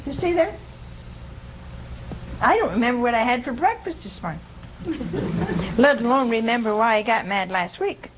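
A woman's voice: fairly high pitch, very animated, normal speed, pauses often, background noise. Chatty woman teaching scripture to a group. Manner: conversational, keeps asking "See?" and questioning listeners; homespun humor, laughs at her own jokes. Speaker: religious teacher.

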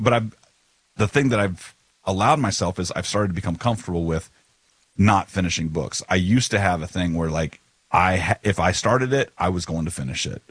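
A man's voice: low voice, breathy edge. A man co-hosting a podcast, rambling in casual chat and often restarting sentences. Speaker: podcast co-host.

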